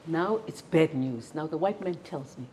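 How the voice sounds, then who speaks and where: Lively South African woman, low voice. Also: moderate pace, slight background noise. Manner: animated, acts out quoted voices, hesitant restarts. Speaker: interview guest. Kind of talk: storytelling in an interview.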